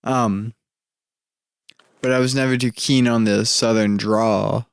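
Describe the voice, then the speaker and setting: A man's voice: medium pitch, fairly even intonation, slow pace, vocal fry, clear, resonant tone, no echo, clean studio sound. A man co-hosting a podcast, chatting casually and cutting in with blunt, teasing remarks. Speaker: podcast co-host.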